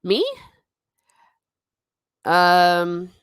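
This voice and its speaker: A woman's voice: lowish voice, steady tone, drawn-out words, fairly bright tone, clear, resonant tone, dry recording, clean studio sound. A middle-aged woman hosting a casual livestream chat, reading viewer comments and laughing often with self-mocking asides.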